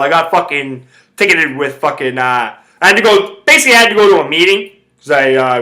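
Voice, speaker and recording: A man's voice: medium pitch, sharp tone. A man hosting a podcast, telling a rambling casual story and swearing constantly. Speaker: podcast host.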